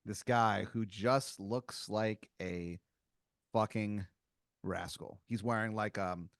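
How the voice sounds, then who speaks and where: A man hosting a comedy podcast, improvising a story in a rambling, halting way with many fillers and giggles. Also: lowish voice, fairly even intonation, creaky, no room sound, studio quality. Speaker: podcast host.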